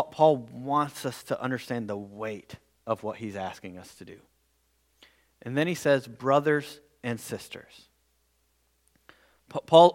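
A man preaching a verse-by-verse sermon in an earnest way, often repeating words as he goes. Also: mid-range voice. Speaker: pastor.

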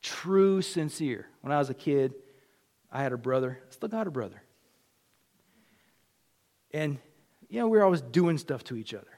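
High-voiced animated man preaching. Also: moderate pace, pauses often. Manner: animated storyteller, acts out quotes, drops to near whisper. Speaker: pastor. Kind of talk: sermon with personal stories.

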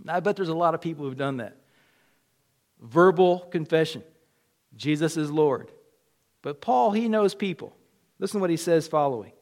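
Guy preaching with funny stories, high voice, gets loud then real quiet. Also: fairly quick. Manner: animated storyteller, acts out quotes, drops to near whisper. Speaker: pastor. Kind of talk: sermon with personal stories.

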